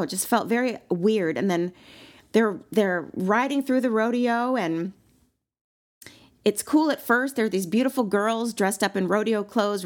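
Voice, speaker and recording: A woman co-hosting a casual chat, telling a long story with animated delivery and sudden high squeals.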